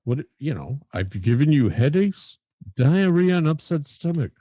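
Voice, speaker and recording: A man's voice: medium pitch, big pitch swings, moderate pace, mellow, breathy edge, dry recording. A man co-hosting a podcast in casual chat, joking and rambling with casual swearing. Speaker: podcast co-host.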